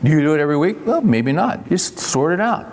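A man's voice: fairly high pitch, sing-song, fairly quick, a little mellow, a little hiss or hum. An older man preaching a sermon in a folksy, conversational way, acting out bits of dialogue. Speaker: pastor. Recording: long reverb of a large hall.

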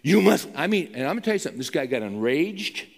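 A man's voice: medium pitch, sing-song, racing, long reverb tail. A male pastor preaching and telling a story in an emphatic, conversational way. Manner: emphatic, conversational, with frequent restarts. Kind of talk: sermon storytelling.

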